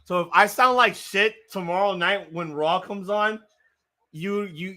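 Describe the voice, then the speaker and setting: A man hosting a live wrestling watch-along, reacting with excitable, profanity-laced outbursts while his voice gets strained. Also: high-pitched, a little slow. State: voice getting strained.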